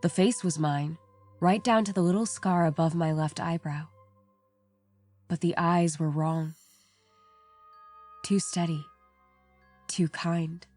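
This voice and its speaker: A woman reading a first-person horror story aloud in a measured, somber storytelling manner. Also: on the low side, fairly even intonation, a little mellow. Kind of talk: scripted narration. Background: faint background music.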